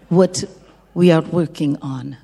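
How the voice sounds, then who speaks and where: Woman bandleader chatting between songs, husky and kinda low, soft whispery asides, big reverby hall. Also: takes it slowly. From lived in France twenty-four years. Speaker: bandleader on stage. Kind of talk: stage banter between songs. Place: large concert hall with an audience. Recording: reverberant hall with a faint crowd.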